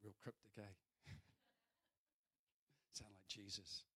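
A man over forty, preaching a sermon and telling a story with big swings between loud and soft. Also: on the low side, flat delivery, slow pace, slightly rough.

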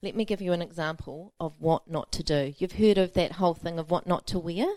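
A woman's voice: fairly low pitch, brisk, warm tone, no echo. A woman pastor preaching a sermon, telling a self-mocking personal story with frequent laughter.

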